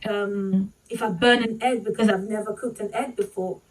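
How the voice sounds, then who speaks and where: A woman vlogger telling a painful personal story, halting and full of "like" and "you know", fighting back tears. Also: medium pitch, fairly even intonation, recorded from a distance, rough recording.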